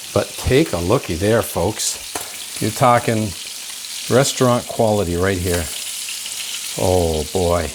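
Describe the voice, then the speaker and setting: A man hosting a home cooking show, enthusiastic and chatty, calling the viewers folks as he cooks in his kitchen. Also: mid-range voice. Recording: clear background frying noise. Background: sizzling pan.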